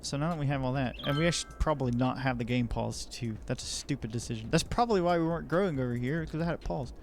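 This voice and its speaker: Dude chattering through his city builder, goofy and self-mocking, some quiet music under it. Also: mid-range voice, fast. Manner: rambling, jokey, self-deprecating. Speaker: let's play host. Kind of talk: casual gameplay commentary.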